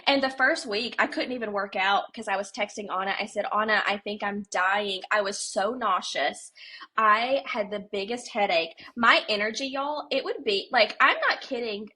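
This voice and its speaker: Bright-voiced animated woman storyteller. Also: mid-range voice, normal speed. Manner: animated storyteller, addresses listeners as y'all. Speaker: podcast co-host. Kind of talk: casual storytelling chat.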